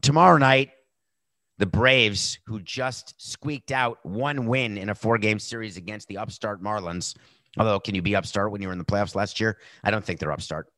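A man hosting a sports betting podcast, talking casually and animatedly, jumping between loud outbursts and muttered asides. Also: fairly low pitch, normal speed, dry recording.

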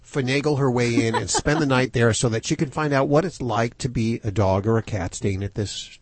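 A man's voice: mid-range voice, brisk, no echo. A man hosting a radio show, chatting casually and teasing his co-hosts in a joking way.

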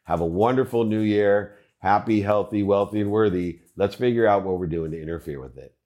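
A man hosting his own channel, giving measured, earnest commentary on his past videos in a list-like rhythm. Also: on the low side, a little mellow, soft background music. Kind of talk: reflective commentary to camera.

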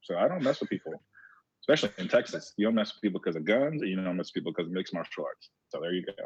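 Deep husky man telling stories. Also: very fast, no echo. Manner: animated storyteller who repeats words as he talks. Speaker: former baseball player. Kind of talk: casual storytelling chat. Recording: muffled lo-fi audio.

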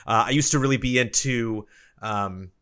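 A man talking casually as a podcast co-host, rambling and animated, his words full of fillers and restarts. His voice sits at an ordinary middle pitch for a man. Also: normal speed, clear, resonant tone. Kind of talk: casual chat.

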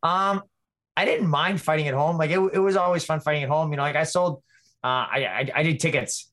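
A man's voice: a little high, fairly quick, fairly bright tone. A man talking as a guest in a casual interview, rambling with lots of restarts and fillers. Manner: rambling, many restarts and "you know". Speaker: fighter, guest.

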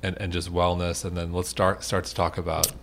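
A man's voice: low voice, little pitch movement, a little fast, slight background noise. A man hosting a podcast interview, casual and jokey, laughing often. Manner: jokey, laughs often, acts out quoted lines. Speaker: podcast host.

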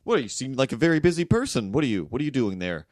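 A man putting on a pushy, businesslike big-city greeter for a comic bit, brisk and mock-polite as he piles on tasks. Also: medium pitch, big pitch swings, a little mellow, no room sound, clean studio sound, close to an everyday voice. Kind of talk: comic improvised impression.

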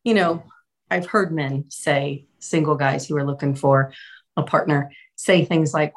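A woman, a podcast host and coach, giving reflective commentary in a deliberate conversational way. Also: low voice, steady tone.

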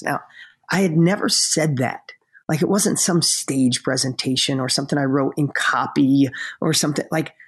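A man's voice: on the high side, vocal fry, slightly rough. A man as a podcast guest, telling a personal story in an earnest, emotional way, close to tears.

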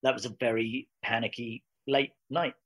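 A Scottish actor in his forties appears as a guest in a casual interview, telling stories with lively energy and laughing easily. His mid-range voice moves at a moderate pace, though the audio is poor.

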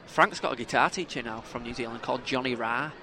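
A man's voice: mid-range voice, fast talker, background noise. A man co-hosting a football chat show, joking, swearing and mimicking people. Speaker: football podcast co-host. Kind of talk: casual banter commentary.

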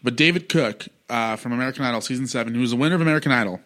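A man's voice: mid-range voice, rapid-fire, fairly bright tone. A man hosting a podcast, talking casually in a rambling, chummy way with many fillers. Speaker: podcast host. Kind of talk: casual interview chat.

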